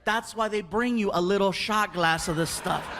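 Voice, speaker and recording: A man telling an animated stand-up comedy story on stage, acting out the people in it. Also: high-pitched, normal speed. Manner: animated storytelling, acts out voices. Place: stage before a live audience. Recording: live show with audience noise.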